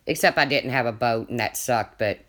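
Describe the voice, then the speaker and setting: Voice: mid-range voice, a little fast, a bit bright. A livestreamer in casual chat, telling a rambling story and answering viewers' comments, often restarting sentences and laughing along.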